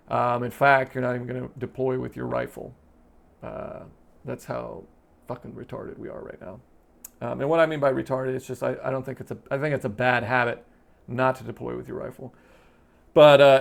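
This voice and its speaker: Gravelly profane veteran man. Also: medium pitch. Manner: profane, annoyed, rambling. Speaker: channel host and Navy veteran. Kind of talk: casual vlog talk to camera.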